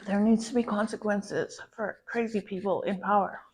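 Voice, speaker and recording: A woman's voice: mid-range voice, moderate pace, a little mellow. A woman content creator venting in a POV girlfriend role-play, swearing often and calling the listener babe. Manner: profane, ranting, calls the listener babe.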